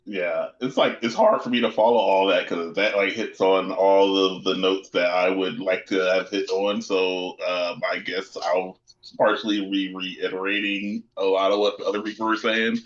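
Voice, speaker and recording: A man's voice: low-pitched, fairly even intonation, normal speed, reverberant, highs cut off. A man chatting casually about a tabletop game session, rambling and laughing often. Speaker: player. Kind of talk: casual post-session recap.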